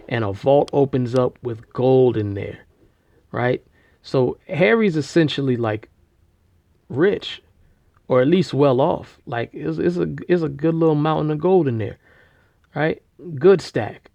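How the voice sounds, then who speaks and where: A man casually retelling a story, rambling with slang, fillers and restarts, and getting loud and animated at the big moments. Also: medium pitch, measured pace, gravelly, no room sound. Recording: dull lo-fi recording.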